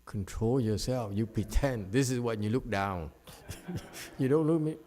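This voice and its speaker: Unhurried middle-aged man teaching Buddhism, dark-toned and blunt, ribs his audience with a laugh. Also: medium pitch, lively intonation. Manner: frank and scolding, teases listeners by name, laughs often. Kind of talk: dharma talk to a live audience.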